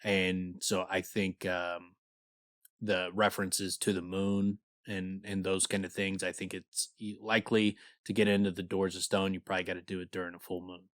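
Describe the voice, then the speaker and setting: A man's voice: low voice, level tone, normal speed, a bit bright, no echo, studio quality. A man co-hosting a casual book podcast, swearing and laughing as he reads passages aloud and riffs on them. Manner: loose, profane, laughing, reads excerpts aloud. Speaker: podcast co-host.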